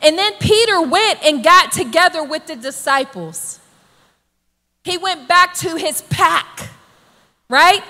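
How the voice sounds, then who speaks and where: A woman preacher delivering an emphatic, exhorting sermon that builds to shouted calls to the congregation. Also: extremely high pitch, animated, slow, big-room sound.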